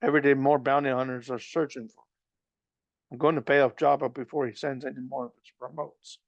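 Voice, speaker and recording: A man voicing a cocky, gruff smuggler who teases and scolds in a storybook reading. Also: mid-range voice, little pitch movement, a little fast, muffled recording, close to an everyday voice. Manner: gruff, stern, teasing. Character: cocky roguish male smuggler, gruff and teasing.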